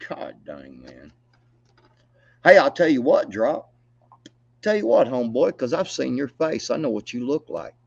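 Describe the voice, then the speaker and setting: Pitched in the middle, his husky, creaky voice has a sing-song lilt, a measured pace and frequent pauses as he furiously rants on a livestream. The co-host taunts, curses and laughs mockingly, and the recording is lo-fi.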